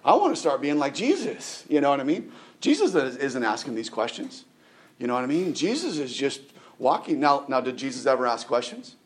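A man's voice: medium pitch, very animated. A middle-aged man giving a conversational sermon as a pastor, often restarting his words and asking the listeners rhetorical questions. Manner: halting, repeats words, asks rhetorical questions.

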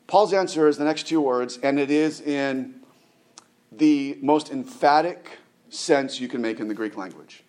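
A man's voice: on the high side, darkish tone. A middle-aged man giving a conversational sermon as a pastor, often restarting his words and asking the listeners rhetorical questions. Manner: halting, repeats words, asks rhetorical questions.

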